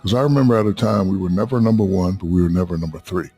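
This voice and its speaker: A man's voice: low-pitched, rapid-fire, mellow, breathy edge, soft background music. A middle-aged man telling loose, profane stories as a podcast guest in casual chat.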